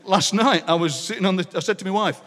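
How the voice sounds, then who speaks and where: A man's voice: high-pitched, quick pace. A middle-aged man with a Yorkshire accent, a guest poet telling rambling comic anecdotes on a live stage. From Yorkshire, England. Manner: animated, rambling anecdotes, laughing. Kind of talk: live comic storytelling chat. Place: city hall stage before audience. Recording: long hall reverb.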